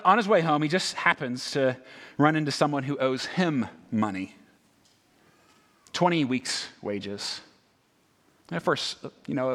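A man preaching a sermon in a conversational way, asking his listeners many rhetorical questions. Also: medium pitch. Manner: conversational, animated, many rhetorical "right?" asides. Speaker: pastor.

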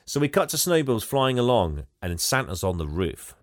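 A man's voice: mid-range voice, very animated, normal speed, no echo, studio quality. A man co-hosting a podcast, animatedly retelling a film and quizzing his co-host. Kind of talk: casual chat, film recap.

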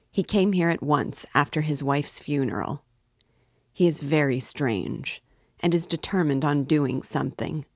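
Brooding feverish young man, read by a woman, low voice, slow halting delivery, dry close sound. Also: no echo.

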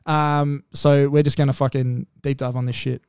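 A man's voice: mid-range voice, little pitch movement, normal speed, darkish tone, clean tone, no echo, studio quality. A man hosting a podcast in casual banter, teasing his guests and swearing a lot. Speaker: podcast host.

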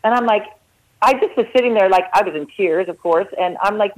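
A woman's voice: mid-range voice, brisk. A woman calling into a radio show and earnestly telling her own story, acting out the conversations she had. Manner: earnest, animated retelling with quoted dialogue. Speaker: caller. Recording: phone line.

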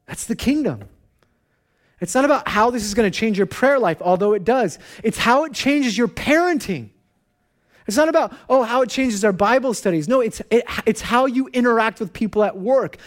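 A man in his thirties, a pastor, giving a conversational sermon and telling personal stories in an animated way. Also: sits high, moderate pace.

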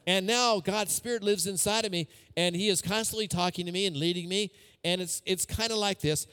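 A man's voice: high-pitched, moderate pace, fairly bright tone, long reverb tail. A man preaching a sermon as a pastor, talking conversationally with personal stories and repeated phrases.

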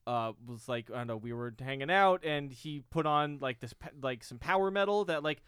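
New guy on a podcast, kinda high voice, smooth and clear, dry sound, self-mocking. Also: dry recording. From New York. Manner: animated, self-mocking, quick restarts. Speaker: podcast guest. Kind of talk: casual podcast chat.

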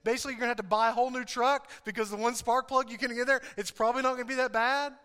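A man voicing the Holy Spirit as a calm, reassuring male voice, speaking casually and soothingly. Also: very high voice, racing, clean tone, in a large hall.

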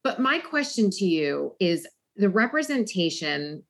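A woman's voice: medium pitch, sing-song, measured pace, fairly bright tone. A woman talk show host asking a guest a long, searching question, thinking aloud as she goes. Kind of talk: interviewing a guest.

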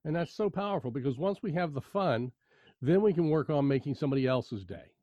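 Guy telling a story in a chat, bit high-ish voice, dry muffled sound. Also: brisk, no room sound. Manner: animated anecdote teller, repeats key phrases. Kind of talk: conversational storytelling.

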